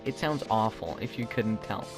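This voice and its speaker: A man's voice: fairly low pitch, animated, moderate pace, soft background music. A young man in Gen Z giving sarcastic, rambling comedy commentary with lots of fillers and restarts. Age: teens or young adult. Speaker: YouTube commentator.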